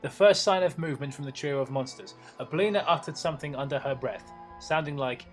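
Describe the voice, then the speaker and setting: A man's voice: on the high side, brisk, few pauses, faint music behind. A man reading a story aloud for laughs, stumbling over words and breaking off for sarcastic asides. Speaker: reader and host. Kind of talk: comedic reading with banter.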